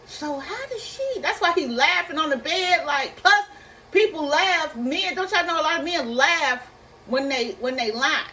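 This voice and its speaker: A woman giving casual reaction commentary, animated, acting out quotes and repeating herself. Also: sits high, measured pace, a little hiss or hum, poor audio. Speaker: commentary vlogger.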